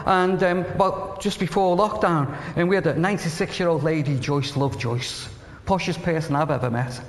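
An earnest man preaching a sermon in a slightly higher voice. He tells stories with emphasis and sinks to a hush at tender points, his words trailing into the long echo of a large hall. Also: normal speed, few pauses, slight background noise. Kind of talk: sermon with storytelling. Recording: reverberant hall.

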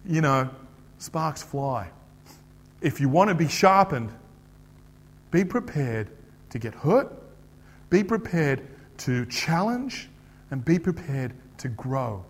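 Middle-aged Aussie pastor, somewhat higher voice, casual joking preacher who quizzes the room. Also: male voice, big pitch swings, slow, long pauses, in a large hall. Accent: Australian. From Australia. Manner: chatty, joking, asks the audience questions. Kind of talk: conversational sermon.

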